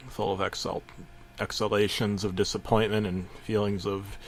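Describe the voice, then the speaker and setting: A man's voice: on the low side, level tone, a little fast, gravelly, slightly rough. A middle-aged man narrating a parody horror story in a mock-serious way, stumbling over his words. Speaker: creepypasta narrator.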